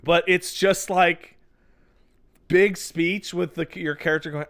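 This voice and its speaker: His voice sits high and he takes things slowly. A young co-host on a casual video game podcast, he spins animated stories, acts out quotes in mock exasperation, and swears a lot along the way.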